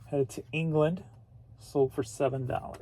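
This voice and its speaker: A man's voice: fairly high pitch, fairly even intonation, normal speed, noisy background. A man from St. Louis, an online reseller casually narrating as he packs orders, muttering to himself while he works. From St. Louis, Missouri.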